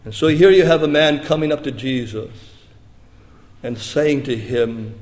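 Preaching man in a reverberant hall. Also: a little slow. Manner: preaching, swinging between hushed low passages and raised emphatic lines. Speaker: pastor. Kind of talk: sermon.

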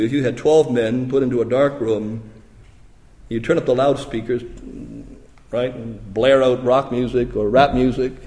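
Dramatic preacher in a reverberant hall. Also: male voice, mid-range voice. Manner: dramatic, swings from hushed to loud emphatic questions. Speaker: pastor. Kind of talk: sermon.

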